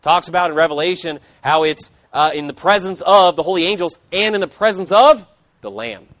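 A man's voice: sits high, fairly even intonation, fairly quick, fairly bright tone, no room sound. A man preaching a sermon, emphatic, with casual conversational asides between scripture readings. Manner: emphatic, conversational asides, rising and falling intensity.

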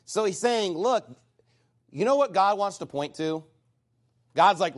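Male preacher, lively high delivery, blunt, reads and paraphrases scripture. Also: measured pace. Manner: animated and blunt, quoting scripture and acting out God's voice. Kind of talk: sermon.

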